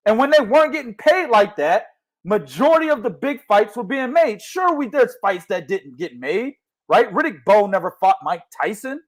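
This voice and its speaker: Young guy hosting boxing talk, high voice jumping all over, slangy and cussing, mumbles then yells. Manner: animated, loud, slangy, swings between mumbling and shouting. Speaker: host of a boxing talk show. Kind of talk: casual boxing chat with heavy profanity.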